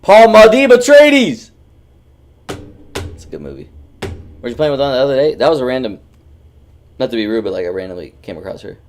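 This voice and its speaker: A man's voice: fairly low pitch, lively intonation, fast, pauses often, mellow. A man streaming a game, chatting casually and teasing his friends with loose, swearing banter. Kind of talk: casual gaming stream chat.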